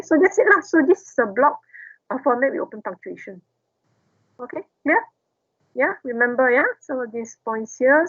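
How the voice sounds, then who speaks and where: A woman's voice: fairly high pitch, fairly bright tone, no echo, highs cut off. A woman lecturer, explaining step by step and asking the class questions.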